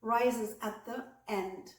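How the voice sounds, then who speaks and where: A woman with a slightly high voice teaches English pronunciation in a clear, deliberate way, slowing down to model example sentences. Her voice rings a little in an echoey room. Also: fairly even intonation. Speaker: English accent coach. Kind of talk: online English pronunciation lesson.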